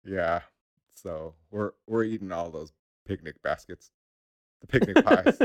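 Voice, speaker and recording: A man's voice: low-pitched, expressive, measured pace. A man co-hosting a podcast, chatting casually and laughing often. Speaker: podcast co-host.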